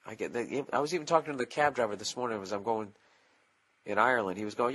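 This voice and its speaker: A fast-talking man with a lowish, somewhat bright voice hosts his own podcast, ranting alone in a casual, profane, and sarcastic way. It's a laid-back solo podcast monologue.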